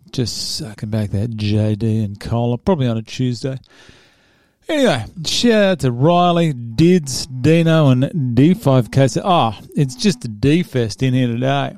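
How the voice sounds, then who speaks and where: A man's voice: mid-range voice, darkish tone, no room sound, clean studio sound. An Australian man hosting a casual talk show and giving fight picks, joking and rambling and stumbling over names. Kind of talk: casual chat.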